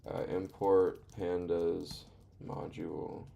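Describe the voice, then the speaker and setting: A young man live-streaming himself learning to code, muttering and reading code aloud as he types, hesitant and full of pauses. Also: low-pitched, little pitch movement, gravelly, warm tone.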